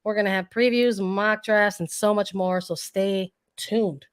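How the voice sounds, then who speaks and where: A woman co-hosts a casual sports podcast, her voice hoarse and fading, with a medium pitch and steady tone. She talks a little slowly, often clearing her throat and repeating words as she thinks.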